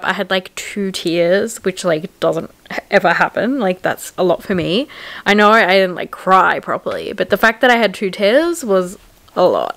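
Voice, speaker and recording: A woman's voice: mid-range voice, fairly bright tone, dry recording. A young woman chatting casually in a reading vlog, gushing about a book with lots of filler words. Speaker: book vlogger.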